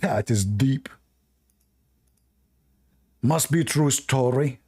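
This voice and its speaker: A man's voice: mid-range voice, drawn-out words, darkish tone, husky. A man hosting a live call-in debate, mocking and scornful toward the caller. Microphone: online call.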